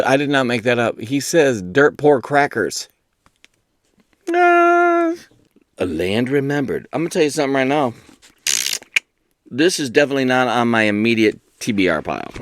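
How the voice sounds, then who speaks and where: Rambling self-mocking man with lively pitch. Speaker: booktube host. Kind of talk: casual chat.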